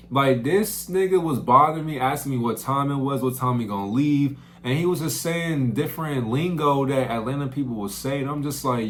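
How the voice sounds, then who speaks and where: A young man working as a camp counselor, telling stories in a casual, slangy way that swings up into loud outbursts. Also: medium pitch. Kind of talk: casual storytelling vlog.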